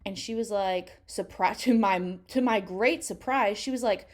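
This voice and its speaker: A woman's voice: mid-range voice, a little slow, a little mellow. A young woman from Texas, a photographer telling a story in a casual, self-mocking way while editing a photo, swearing freely and acting out her own past lines. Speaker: photographer vlogger.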